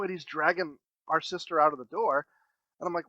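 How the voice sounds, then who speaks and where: A man's voice: on the high side, brisk, no echo, dull audio. A man co-hosting a podcast, telling stories in a casual, profane, ranting way. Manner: animated, profane ranting storyteller. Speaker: podcast co-host. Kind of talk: casual chat.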